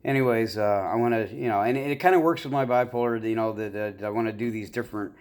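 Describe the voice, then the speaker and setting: A man's voice: medium pitch, steady tone, fast talker, darkish tone. A man from the Midwest of the US talking in a rambling, casual vlog monologue, full of fillers and self-deprecating asides. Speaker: YouTuber.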